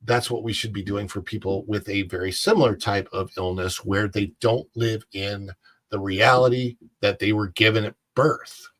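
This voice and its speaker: A man's voice: on the low side, steady tone, moderate pace, fairly bright tone, no echo. A man co-hosting a casual chat show, talking in a rambling, opinionated way with lots of restarts. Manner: rambling, many fillers and restarts. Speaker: co-host.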